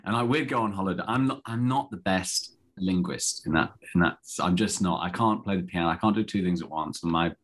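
A middle-aged man talks as a guest in a relaxed interview. His voice sits very low, and he rambles through restarts with easy self-mockery. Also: brisk, hardly any pauses. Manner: chatty and self-deprecating, with many restarts. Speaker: actor, guest. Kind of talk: casual interview chat.

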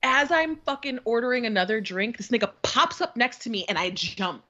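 Woman in her thirties, podcast co-host, husky, slightly high voice, lively storyteller who acts out quotes, dull lo-fi sound. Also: brisk. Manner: animated storyteller, acts out quotes, swears freely, laughs often. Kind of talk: casual storytelling chat.

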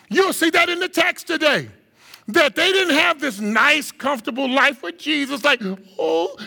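A man preaching a sermon as a guest speaker, animated and theatrical, acting out the voices of scared disciples with sudden high shouts. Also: creaky. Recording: long hall reverb.

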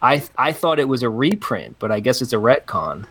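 Brief: dad co-host, calm and matter-of-fact, very dry close sound. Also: male voice, medium pitch, brisk, slightly rough, no room sound. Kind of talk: casual chat.

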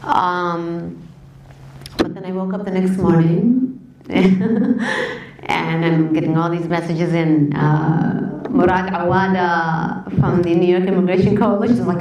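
A woman's voice: on the low side, steady tone, takes it slowly, darkish tone. A woman community activist telling her story to an audience, impassioned and conversational, sometimes emotional. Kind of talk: personal storytelling talk to an audience. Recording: roomy, distant from the mic.

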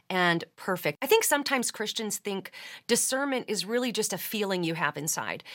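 A woman hosting a podcast, giving a measured teaching talk that quotes scripture at length. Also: medium pitch, fairly bright tone. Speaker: podcast host.

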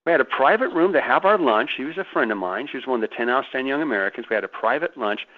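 A man speaks as a guest on a radio show, his voice sitting in an ordinary middle pitch. He tells his stories emphatically and with animation, stumbling over repeated words as he pushes ahead. The sound is thin and phone-like. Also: lively intonation, racing. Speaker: guest author. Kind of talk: radio interview.

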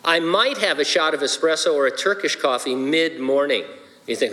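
A man's voice: a little high, moderate pace, pushed and bright. A man, a pastor, preaching a sermon with playful, joking asides. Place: church sanctuary. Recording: long hall reverb.

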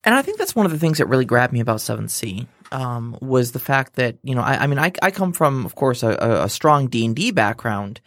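A man's voice: mid-range voice, big pitch swings, fairly quick, few pauses, dry recording, studio quality. A man in casual chat about tabletop gaming, joking and agreeing often with his co-host. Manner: joking, frequent agreeing backchannels. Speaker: podcast co-host.

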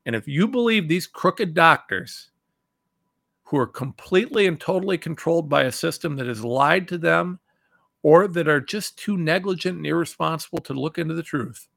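A middle-aged male talk show host, delivering angry political commentary. His voice is gravelly and bright, with a dry, close recording, and he swings from loud outbursts to low muttering. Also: normal speed, no room sound. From Ohio.

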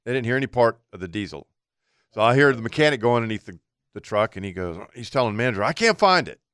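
A man's voice: medium pitch, quick pace, clear, resonant tone, dry recording, clean studio sound. A man co-hosting a radio talk show, telling a long story in a casual way and acting out what people said. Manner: animated anecdote teller acting out quotes.

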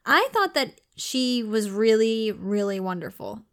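A woman in easygoing, playful chat, reviewing a book with a friend. Her voice sits a bit on the high side, and she keeps the back-and-forth quick and lively. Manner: chatty, playful, quick banter.

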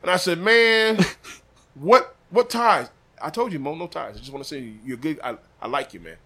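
A man's voice: fast, slightly rough. A man from Des Moines telling a story casually, acting out quotes with big jumps in his voice. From Des Moines, Iowa. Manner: animated, acts out quotes with big pitch jumps. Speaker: barbecue sauce maker, podcast guest.

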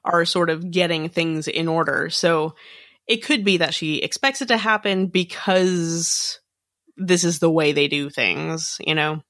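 A woman's voice: fairly low pitch, measured pace, fairly bright tone, dry recording, studio quality. A woman co-hosting a podcast in casual chat, speculating and hedging as she thinks aloud. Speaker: podcast co-host.

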